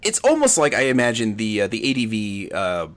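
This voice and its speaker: Speaking briskly in a lowish voice whose pitch swoops wildly, this podcast co-host rambles through a movie recap. The chat is casual and riffing, packed with fillers.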